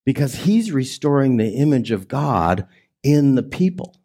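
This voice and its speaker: A man preaching a sermon as pastor, conversational and emphatic, swinging between raised and hushed delivery and drawing the congregation in with questions. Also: medium pitch, very animated, measured pace. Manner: conversational preaching with audience prompts.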